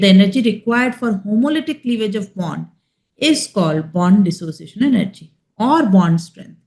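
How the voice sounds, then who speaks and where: A woman with an Indian English accent giving a chemistry lecture, explaining slowly and checking in with her students. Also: medium pitch, darkish tone. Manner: slow, emphatic explaining with frequent check-ins. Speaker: chemistry teacher. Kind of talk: classroom lecture.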